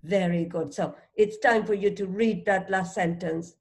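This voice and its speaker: A woman teaching a child to read, sounding out letters one by one and gently encouraging with prompts and questions. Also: medium pitch, steady tone, measured pace. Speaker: reading teacher. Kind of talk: phonics read-along lesson for a child.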